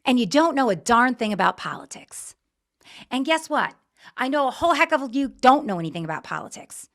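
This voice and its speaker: Fiery high-voiced woman talk host. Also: pushed and bright. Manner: fiery, impassioned ranting. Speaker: political talk show host. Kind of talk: opinionated political commentary.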